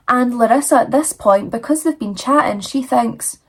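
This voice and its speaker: A woman's voice: a little high, a little fast, few pauses, slightly rough. A woman telling true crime stories in a chatty, dramatic way with frequent fillers, talking casually while she does her makeup and feels cold.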